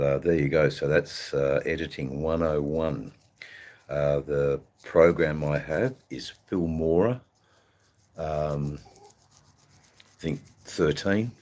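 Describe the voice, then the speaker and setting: A man's voice: extremely low pitch, a little mellow. An Australian man hosting a livestream in casual chat, rambling and hesitant, swearing freely. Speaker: livestream host.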